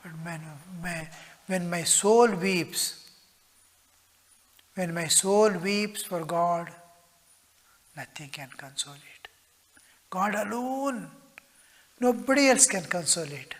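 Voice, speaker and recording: A man with a high voice delivers a slow, earnest spiritual discourse as a monk teacher. He lingers over his words and now and then drops almost to a whisper. The sound rings with the long reverb of a large hall.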